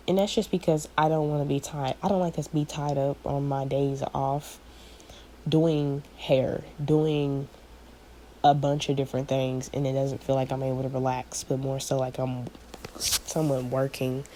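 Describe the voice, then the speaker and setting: A woman with a low, mellow voice talks casually about faith, rambling and stopping often to hunt for her words. A faint hiss of noise sits under the recording. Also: low-quality recording. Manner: rambling, searching for words, many fillers; addresses listeners as y'all. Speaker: channel host giving a prophetic word. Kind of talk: casual spiritual vlog talk.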